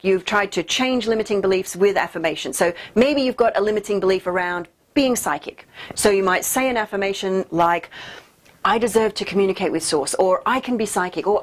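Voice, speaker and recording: A woman hosting and teaching in a direct-to-camera talk, explaining in a lively, playful way with emphatic rhetorical questions. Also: mid-range voice. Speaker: host and teacher.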